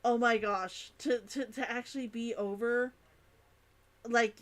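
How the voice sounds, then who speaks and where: A woman's voice: on the high side, steady tone, unhurried, fairly bright tone. A woman from Canada, chatting enthusiastically while streaming a game, often laughing and repeating herself. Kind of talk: casual gameplay chat.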